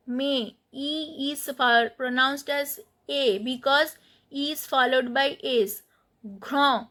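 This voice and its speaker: A woman's voice: high voice, sharp tone. A woman teaching a French pronunciation lesson, spelling out letters and repeating each word for beginners. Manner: slow, spelling out letters and repeating words for learners.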